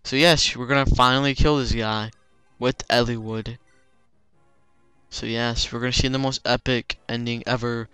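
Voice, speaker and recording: A man's voice: medium pitch, fairly even intonation, normal speed, sharp tone, clear, resonant tone, dry recording, faint music behind. A young man giving casual let's play commentary, rambling with lots of fillers like "like" and "you know.".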